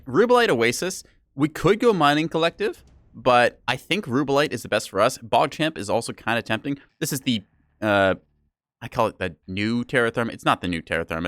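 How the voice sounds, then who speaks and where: A man's voice: mid-range voice, a bit bright, dry recording. A man streaming a game live, chatting casually and playfully with his chat in a rambling, self-mocking way. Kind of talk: casual live gameplay commentary.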